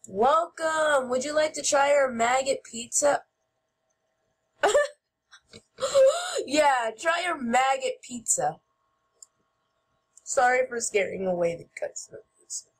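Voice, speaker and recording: High breathy-voiced woman doing silly slow gameplay commentary, yelling at other players for fun. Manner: goofy, shouts playfully at other players. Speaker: gameplay video host.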